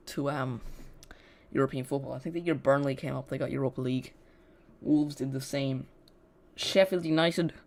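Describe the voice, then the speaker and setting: Football watch-along host, chatty and loose, talks straight to the chat, mid-pitched voice. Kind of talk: casual live watch-along commentary.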